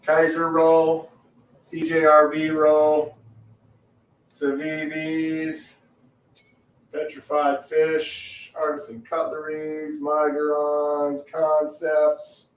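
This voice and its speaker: A man with a slightly raised voice talks in a slow, unhurried drawl, rambling and thinking aloud with easy chuckles. He speaks into a phone in a garage, and the room gives his voice a roomy echo. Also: a little high, monotone. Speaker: livestream co-host. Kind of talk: casual chat. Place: garage, indoors.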